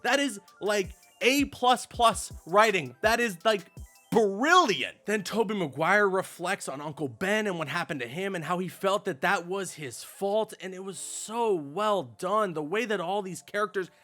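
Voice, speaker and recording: A young man talks through a movie with gushing, excitable enthusiasm, his voice sitting high. He keeps building the hype as he goes. Faint music plays underneath. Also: measured pace. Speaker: movie reviewer. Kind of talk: enthusiastic spoiler review.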